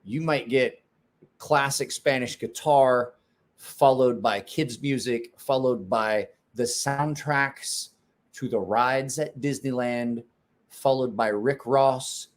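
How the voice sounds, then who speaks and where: A man's voice: medium pitch, takes it slowly. A man hosting a casual livestream, rambling and cutting himself off, with easy swearing. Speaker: livestream host.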